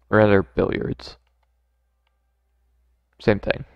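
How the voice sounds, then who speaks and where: A man's voice: lowish voice, fairly even intonation, slow pace, gravelly, no room sound, muffled recording. A man playing a video game, casually commenting and joking as he goes. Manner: laid-back, joking, mutters to himself. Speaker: gamer. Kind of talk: let's play commentary.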